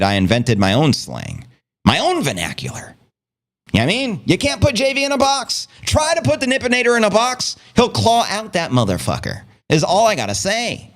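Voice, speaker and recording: A man hosting a casual livestream, talking in a brash, playful way with plenty of swearing and his own made-up slang. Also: mid-range voice. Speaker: livestream host. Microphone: streaming setup.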